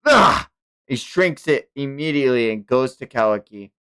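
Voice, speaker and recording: A man streaming a manga read-along, narrating the action in a casual way with quick informal asides. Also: mid-range voice, clear, resonant tone.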